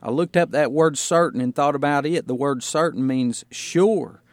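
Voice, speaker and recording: A man preaching as a pastor on a radio broadcast, slowing down to stress single words as he explains them. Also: fairly high pitch, no echo. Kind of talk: radio sermon.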